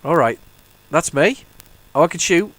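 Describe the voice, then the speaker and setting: A man's voice: a little high, animated, unhurried, a bit bright, no room sound. A man chatting casually while he plays old computer games, rambling and stumbling over his words with many restarts. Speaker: retro gaming YouTuber. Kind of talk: casual commentary while playing.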